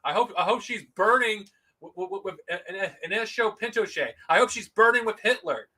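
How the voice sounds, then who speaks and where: A man's voice: high-pitched, fairly quick, sharp tone, breathy edge. A man streaming alone, ranting with heavy profanity and stumbling over his words as he repeats himself. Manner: profane angry ranting with stammered restarts. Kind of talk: solo live-stream rant.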